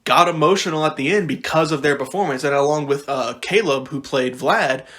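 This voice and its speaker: Young man chatting with animated restarts. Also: a little high, brisk. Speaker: podcast co-host. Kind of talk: casual chat.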